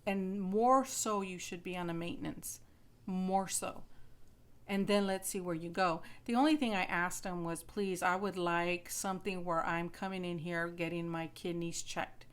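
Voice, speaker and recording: A woman's voice: fairly low pitch, fairly even intonation, normal speed, clean tone. A woman in her fifties chatting casually to her viewers, retelling a doctor visit and often repeating her words. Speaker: vlogger. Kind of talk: casual chat to camera.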